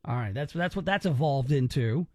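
A man's voice: medium pitch, expressive, normal speed, dark tone, no room sound. A man hosting a call-in radio show, rambling and teasing with lots of restarts. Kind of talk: joking call-in radio banter.

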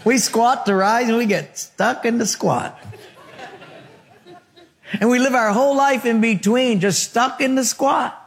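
High-voiced male pastor preaching. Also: measured pace, pauses often, some chatter behind. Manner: rhythmic preaching with repeated phrases and short punchy lines. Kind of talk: sermon.

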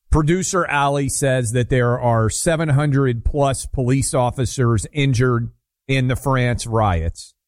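A man's voice: medium pitch, no room sound, studio quality. A middle-aged man from Nashville co-hosting a talk radio show, joking and opinionated in a casual style. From Nashville, Tennessee. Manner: opinionated, joking, self-deprecating.

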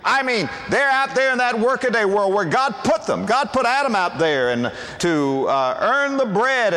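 A man's voice: high voice, fairly bright tone. An older man preaching a sermon in a folksy way, acting out what husbands and wives say to each other. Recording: long hall reverb.

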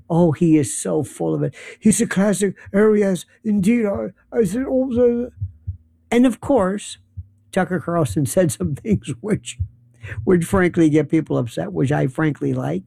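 A man's voice: on the high side, gravelly, mellow, dry recording, studio quality. A man delivering an opinionated monologue, emphatic and full of rhetorical questions, his voice jumping up when riled. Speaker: political commentator.

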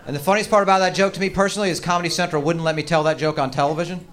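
A man's voice: on the high side, steady tone, racing, fairly bright tone, a faint crowd. A man performing stand-up comedy with profane, mock-angry rants. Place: comedy stage. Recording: noisy live stage recording.

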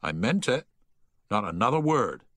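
A kind, steady boy prefect talks gently but with quiet authority, played by a male narrator. His voice is lifted above a man's usual pitch and moves expressively. The recording is close and dry. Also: brisk, no echo.

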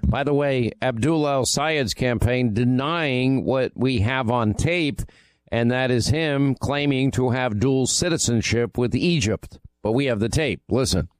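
A man's voice: mid-range voice, unhurried, clean tone, no room sound. A man hosting a political talk radio show, delivering an ad read and monologue in an emphatic, repetitive, punchy way. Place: radio studio. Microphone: close studio mic. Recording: dry close studio sound.

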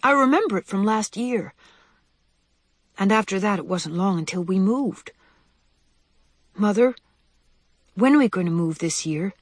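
A woman doing a calm, serious sick boy mouse. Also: medium pitch, unhurried, pauses often, no echo, clean studio sound.

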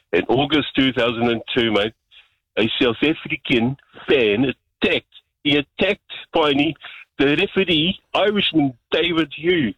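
A man's voice: medium pitch, a bit bright, no room sound. A man with a New Zealand accent calling in to a talk radio show, blunt and matey, heard over the phone. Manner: blunt, matey, keeps saying mate. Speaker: caller. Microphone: phone line. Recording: dull lo-fi phone line.

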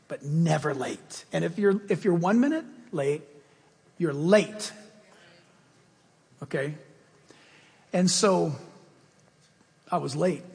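A male pastor delivers a sermon in a notably high voice, animated and storytelling, shifting from loud emphasis to hushed asides. His words carry a long reverb as if spoken in a large hall. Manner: animated storytelling, swings between loud and soft.

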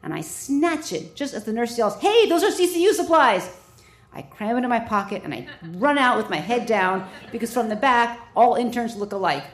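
A woman doctor telling a personal story on stage, lively, with wry comic timing. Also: a little high, normal speed, few pauses.

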